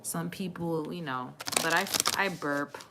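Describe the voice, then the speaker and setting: A woman's voice: deep voice, measured pace, background noise. A woman doing a live tarot reading, talking in a chatty, reassuring way with many fillers and frequent laughs. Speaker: tarot reader.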